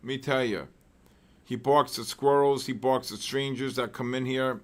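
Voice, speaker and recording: Man, live trading commentary, rambling, repeats words, clears throat often, exclamatory asides. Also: medium pitch, fairly even intonation, normal speed. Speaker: trading show host.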